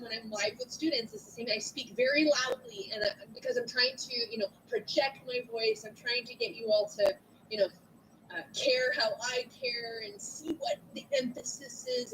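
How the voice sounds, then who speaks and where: A woman teacher with a big, loud voice talks through an online lesson into her computer. Her pitch sits a bit high and swings widely as she explains, checking in with "right?" again and again. A faint hiss lies under the recording. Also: rough recording. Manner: chatty, animated, asks "right?" often. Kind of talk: online lecture to students. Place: at home at a computer. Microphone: computer mic.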